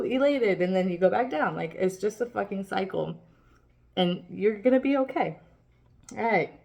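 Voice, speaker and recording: A woman's voice: mid-range voice, darkish tone. A woman giving a casual tarot reading, swearing freely as she rambles and reassures the listener. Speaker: tarot reader.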